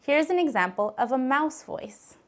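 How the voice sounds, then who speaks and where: A woman with a slightly raised pitch reads a scripted lesson. Her delivery is calm, clear and gently instructive, with steady pacing. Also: moderate pace. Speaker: narrator of a voice-care video.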